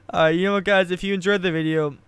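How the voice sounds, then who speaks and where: A man's voice: sits high, fairly bright tone, smooth, no room sound. Giggly young man vlogging. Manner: giggly, self-amused, restarts. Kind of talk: casual comedic commentary, reading aloud.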